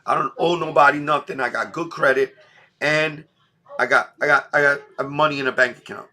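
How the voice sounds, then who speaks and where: New dad ranting on his stream, bright voice, lots of bro and dog. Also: a little high, steady tone, moderate pace. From New York. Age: middle-aged. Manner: blunt, repetitive street slang. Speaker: livestream host. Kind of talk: emotional casual livestream talk.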